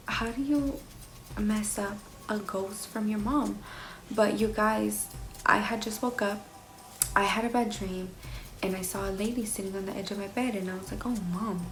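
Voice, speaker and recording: A young woman, casually telling a personal story to camera in an animated, slangy way. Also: mid-range voice, roomy sound, low-quality recording. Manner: animated, swears freely, slangy. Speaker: vlogger.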